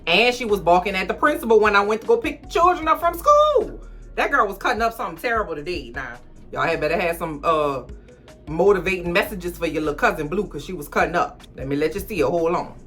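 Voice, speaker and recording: Bright-voiced chatty woman vlogger. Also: lowish voice, fast, faint music behind. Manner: animated, slangy, chatty, talks to viewers as cousins. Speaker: TV recap vlogger. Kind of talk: casual TV recap rant.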